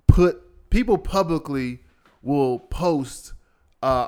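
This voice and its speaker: A man's voice: on the high side, lively intonation, a little slow, smooth. A man hosting his own podcast, ranting alone in a profane, exasperated way and mocking other people's phrases. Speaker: podcast host. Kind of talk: solo podcast rant.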